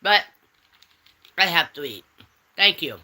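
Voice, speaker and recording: A woman's voice: fairly low pitch, expressive, takes it slowly, pushed and bright. A woman hosting a casual livestream, reading chat and teasing viewers with pet names like honey and darling.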